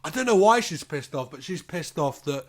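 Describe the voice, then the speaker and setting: A man with a slightly high voice tells a film's story in a loose, rambling way. His talk is packed with fillers, and he slips into acted quotes. This is a casual podcast chat between friends. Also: sing-song, normal speed. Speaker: podcast co-host. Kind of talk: casual chat reviewing a film.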